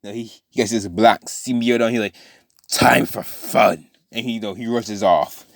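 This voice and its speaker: A man's voice: fairly low pitch, steady tone, darkish tone, no room sound, studio quality. Rambling man improvising a fan story. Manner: rambling, self-correcting, with frequent fillers; briefly voices characters in quick quotes. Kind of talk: casual improvised story narration.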